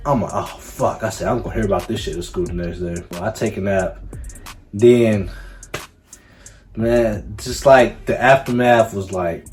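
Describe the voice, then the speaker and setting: Low-voiced young man telling a storytime. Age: young adult. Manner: casual, profane, animated storytelling with slang. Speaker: YouTuber. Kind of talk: storytime vlog.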